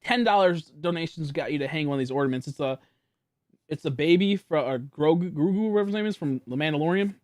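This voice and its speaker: A young man streams from home, talking to his chat in a loose, rambling way and breaking into laughter often. His voice sits a little high for a man. The sound is dry and close to the mic. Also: fast, no room sound. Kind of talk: casual live-stream chat.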